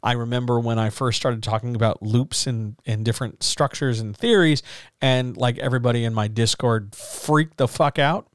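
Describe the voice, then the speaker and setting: A man's voice: medium pitch, normal speed, clear, resonant tone, no room sound, studio quality. Frank, reassuring man giving writing advice. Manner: reassuring, frank, swears casually. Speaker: writing coach. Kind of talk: casual writing advice talk.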